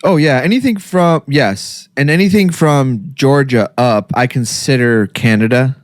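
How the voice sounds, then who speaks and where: A man's voice: mid-range voice, measured pace, dry recording, studio quality. Laughing, joking man in casual podcast chat.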